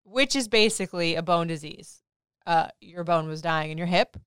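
A woman's voice: on the low side, moderate pace, smooth, no room sound. Candid woman chatting with a close, dry sound. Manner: candid, laughing, lively storytelling. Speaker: podcast host. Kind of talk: casual personal chat.

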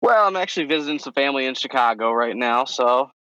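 A man's voice: medium pitch, lively intonation, quick pace, pushed and bright, clear, resonant tone, dry recording. A cheerful, friendly man joining a podcast game show as a contestant over a video call. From Michigan, US. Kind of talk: casual chat. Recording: dull, lo-fi video call audio.

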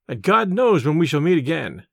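A bantering adventurer with a wry, mock-solemn way of teasing his friends, as a man reads him in an audiobook. His jabs come a bit higher and louder. The sound is dry and close. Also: sing-song, moderate pace, vocal fry, breathy edge, dry recording, full character voice. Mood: wistful.

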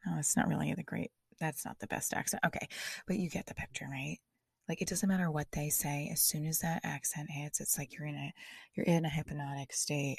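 A woman with a gravelly, husky voice, talking through a stand-up bit on her podcast. She rambles and restarts with a self-deprecating, chatty manner. Her voice sits a little low, and the sound is dry and close. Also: steady tone, brisk, dry recording. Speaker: comedian and podcast host. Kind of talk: stand-up comedy trial on a podcast.

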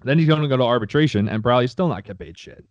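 A man's voice: medium pitch, very fast, no room sound. A man co-hosting a casual sports podcast, talking in a profane, heated way. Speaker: podcast co-host. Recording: dry, slightly dull sound.

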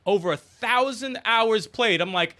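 A man in casual gaming chat, animated, swearing and laughing often. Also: sits high, a little slow.

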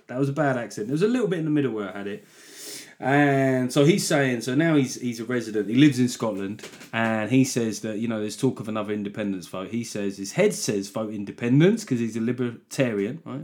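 A man hosts his own podcast in a loose, rambling monologue. His voice sits at an ordinary middle pitch, and he drifts from one joke to the next with a sarcastic edge. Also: expressive, fairly quick, a little mellow. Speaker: podcast host. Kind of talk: casual solo podcast monologue.

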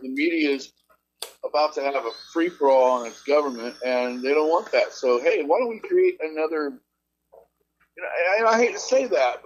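A man's voice: fairly high pitch, lo-fi sound, a little hiss or hum. A man who is a podcast guest, agreeing readily and ranting about politics in casual chat.

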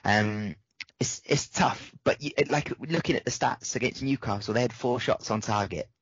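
A man's voice: mid-range voice, moderate pace, slightly rough, dry recording, dull audio. A man appearing as a comedian guest on a casual podcast, rambling and repeating words while he thinks aloud.

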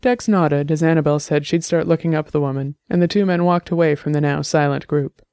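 Brief: steady audiobook narrator, gravelly and mellow, dry close sound. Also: medium pitch, fairly quick, no echo.

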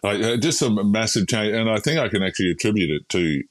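An Australian man, a podcast guest, telling his story in a frank, animated, casual way with frequent restarts. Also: on the low side, fast.

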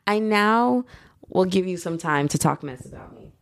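Low-pitched woman, gravelly, slangy rambling, young adult podcast host, dry close sound. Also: animated, normal speed, no room sound. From United States. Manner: rambling and slangy, heavy on filler "like". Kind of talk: casual podcast monologue.

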